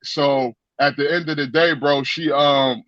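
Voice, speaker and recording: A man telling a story in a casual chat, animated and profane, with lots of stammered restarts, on dry lo-fi stream audio. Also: fairly high pitch, measured pace, no room sound. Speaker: guest.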